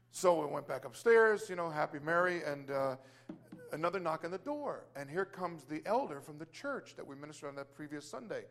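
High-voiced man preaching a testimony. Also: a little fast. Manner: animated, repeats words, exclaims hallelujah. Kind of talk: testimony sermon storytelling.

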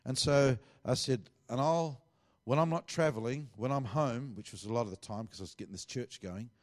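A man's voice: mid-range voice, normal speed. A middle-aged man, preaching a sermon as a pastor and telling a story with lots of quoted dialogue. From Australia.

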